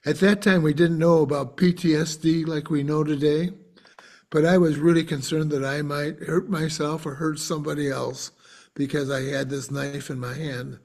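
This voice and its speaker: Earnest storytelling man, slightly high voice. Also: normal speed. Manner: earnest, animated storytelling with frequent restarts. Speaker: podcast guest, author. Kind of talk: personal storytelling in interview.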